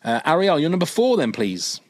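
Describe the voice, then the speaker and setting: A man's voice: fairly high pitch, big pitch swings, a little fast, no room sound. A man co-hosting a podcast in casual chat, rambling and enthusiastic with many fillers. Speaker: podcast co-host.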